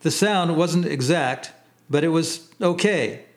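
A man reading his memoir aloud in plain, unhurried storytelling. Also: on the high side. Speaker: narrator. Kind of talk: memoir audiobook narration.

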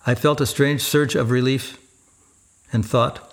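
A man narrating a first-person memoir in a steady, even storytelling manner. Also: medium pitch, moderate pace.

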